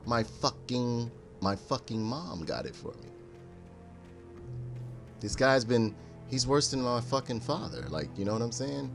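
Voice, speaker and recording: Profane, animated male game streamer. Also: medium pitch, a little slow, vocal fry, long pauses, faint music behind. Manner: profane, joking, animated storytelling. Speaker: gaming streamer. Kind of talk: casual let's-play commentary.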